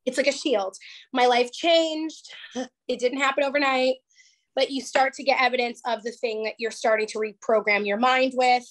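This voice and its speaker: A woman with a fairly high voice tells her story on a podcast in a frank, emphatic way and does not shy from swearing. She sounds emotional, close to tears at moments, and keeps the tone of a candid interview. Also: steady tone, normal speed, fairly bright tone. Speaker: guest life coach.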